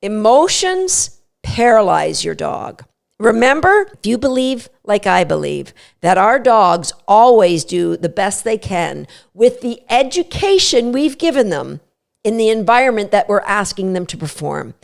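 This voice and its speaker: Gravelly woman podcast host. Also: very animated, measured pace. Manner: acts out a dog's thoughts in a lower, softer voice. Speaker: dog trainer podcast host. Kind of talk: instructional podcast talk.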